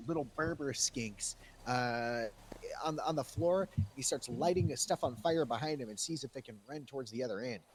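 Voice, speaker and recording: A man's voice: mid-range voice, sharp tone, slight background noise. A man telling a rambling, profane tall tale in character during a role-play game. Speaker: role-playing police character.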